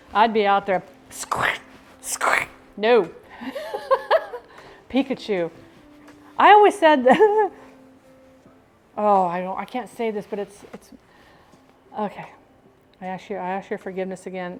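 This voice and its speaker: A woman's voice: fairly high pitch, animated, moderate pace, long pauses. A middle-aged woman chatting casually on a live stream, upbeat and talkative, often breaking into laughs.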